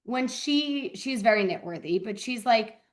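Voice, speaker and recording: A slightly high-voiced woman talking in a relaxed, chatty way. She tells stories, drops into quick impressions of the people she quotes, and fills her sentences with "like.". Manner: chatty storyteller, acts out quoted voices, lots of "like". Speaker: guest, indie yarn dyer. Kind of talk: casual chat.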